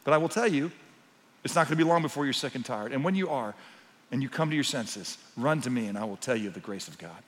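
A man preaching a sermon as pastor, swinging between quiet, intimate passages and loud, emphatic ones. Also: medium pitch, lively intonation, fast talker, long reverb tail.

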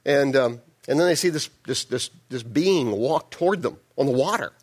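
A man's voice: mid-range voice, animated, moderate pace. A male pastor giving a sermon, telling the story in a folksy, joking way with many restarts.

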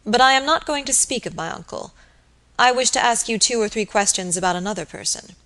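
A woman voicing a grave, earnest young male barrister, speaking in a formal, measured way. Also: on the high side, lively intonation, fairly bright tone, voice pushed up.

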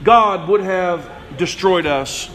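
A man preaching a sermon as pastor, telling the story with animated voices and calling on listeners by name. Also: high-pitched, slow, a little hiss or hum, rough recording. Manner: speaks directly to congregation members by name.

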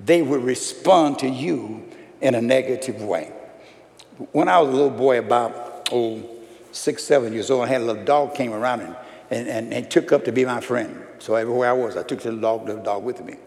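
Man, pastor, gravelly, emphatic sermon delivery, long hall echo. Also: mid-range voice, normal speed. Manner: emphatic preaching, swells loud then drops soft.

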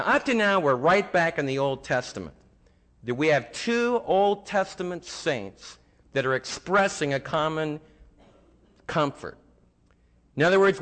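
A male pastor giving a sermon in a conversational way, building to emphatic peaks and asking the congregation questions directly. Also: fairly bright tone. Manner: conversational preaching that swells to emphatic highs.

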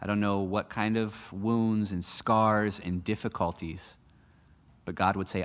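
A man's voice: fairly low pitch, level tone, measured pace. A man from the United States preaching a sermon, telling a personal story in an earnest way and often restarting his phrases. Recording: echoey hall, dull lo-fi sound.

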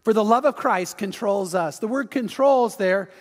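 Male pastor, high-pitched and animated, preaching in a reverberant church hall. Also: moderate pace. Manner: animated storytelling, acts out quotes, urges the audience. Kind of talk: sermon.

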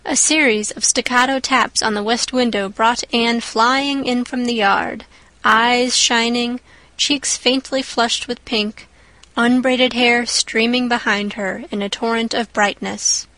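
A woman's voice: a little high, steady tone, unhurried, pushed and bright, no echo, poor audio. Woman narrating a storybook, dry and close. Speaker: audiobook narrator.

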